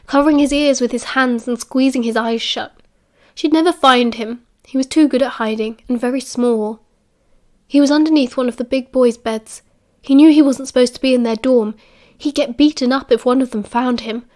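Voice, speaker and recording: A woman with a British accent narrating an audiobook in a steady, expressive reading. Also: fairly high pitch, moderate pace. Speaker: audiobook reader.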